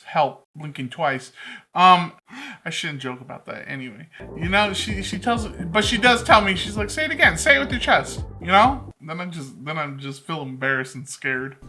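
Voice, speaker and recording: A man's voice: fairly high pitch, moderate pace, music in the background. A man with a lisp, joking and rambling as he reacts to a video. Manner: rambling, jokey, talks to the screen.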